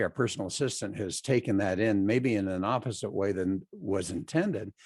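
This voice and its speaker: A man's voice: fairly low pitch, a little mellow, dry recording, studio quality. A man hosting a podcast interview, asking long, earnest questions with frequent restarts. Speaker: podcast host.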